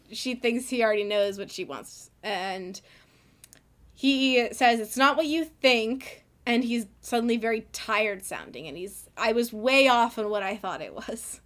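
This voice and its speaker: Young woman, fairly high voice, animated casual chat, laughs a lot, swears. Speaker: podcast co-host. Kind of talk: casual book discussion chat.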